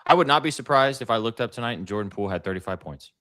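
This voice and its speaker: A man hosting a sports betting show, pitching his picks casually and addressing chat directly. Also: lively intonation, rapid-fire, fairly bright tone, dry recording. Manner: hyped, talks to chat directly.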